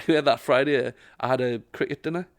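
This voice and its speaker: A man, a stand-up comedian telling animated, laughing anecdotes in casual chat. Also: medium pitch, quick pace.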